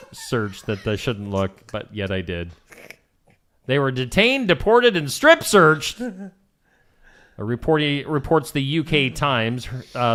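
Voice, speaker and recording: Lively bright-voiced Midwestern man. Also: fairly high pitch. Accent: Midwestern American. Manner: reads news items aloud with asides and laughs. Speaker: morning show co-host. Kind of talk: casual radio news chat.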